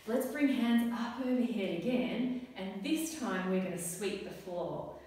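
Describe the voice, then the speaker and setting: A young adult woman teaching a guided yoga class for children, giving gentle, encouraging step-by-step cues. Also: mid-range voice, unhurried. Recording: echoey hall, voice from far off.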